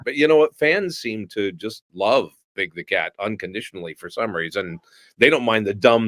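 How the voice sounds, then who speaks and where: A middle-aged man, a voice actor, telling lively stories in an interview and slipping into different voices. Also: fairly low pitch, moderate pace, no echo, clean studio sound. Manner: animated storyteller who slips into voices. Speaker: voice actor guest. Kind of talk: storytelling in a podcast interview.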